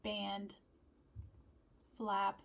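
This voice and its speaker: Slow woman reading vowel word lists. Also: mid-range voice, vocal fry. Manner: calm, reading word lists aloud with pauses. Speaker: teacher.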